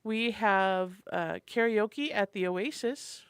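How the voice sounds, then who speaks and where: A woman's voice: mid-range voice, slow, smooth, dry recording, studio quality. A woman co-hosting a morning radio show, cheerfully running through a list of community events. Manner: chatty and enthusiastic, reading a calendar. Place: radio studio. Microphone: studio microphone.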